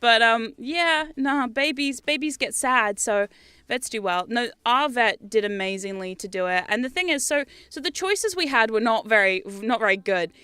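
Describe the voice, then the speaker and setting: Young woman streamer with a bright, crisp voice, dry and close. Chatty, rambling and animated, swears freely. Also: on the high side, normal speed, no room sound. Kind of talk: casual chat stream.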